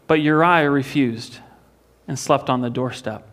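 A man's voice: medium pitch, a little slow, a bit bright. A pastor preaching a sermon in a church, retelling a story earnestly and often repeating a word as he restarts a phrase.

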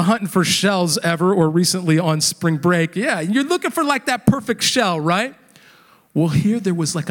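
A man in his thirties preaching a sermon, telling a family story in a conversational, animated way. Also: a little high. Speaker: pastor. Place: church.

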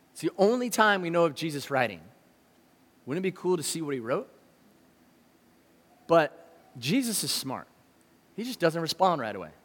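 A man with a high voice preaches in a loose, talky way and keeps asking his listeners questions. His words ring out through a large hall with a long reverb trailing behind them. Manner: conversational, animated, asks the audience questions. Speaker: pastor. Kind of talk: sermon.

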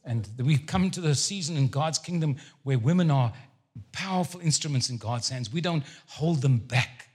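A man with a husky voice preaches to a congregation. His pitch sits a little high and swings widely as he tells stories and jokes. He speaks as a guest preacher at a service. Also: moderate pace. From Jewish background. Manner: animated, joking storyteller. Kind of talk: sermon.

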